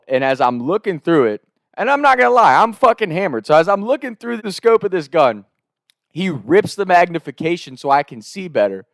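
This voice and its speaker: A man's voice: on the high side, no echo, clean studio sound. A man casually telling a comic story, rambling and profane, laughing between his lines.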